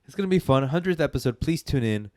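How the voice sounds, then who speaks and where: A man's voice: mid-range voice, lively intonation, quick pace, a little mellow, dry recording, clean studio sound. A man co-hosting a movie podcast, chatting casually with a joking, rambling manner and big swings in energy. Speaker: podcast co-host. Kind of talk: casual chat.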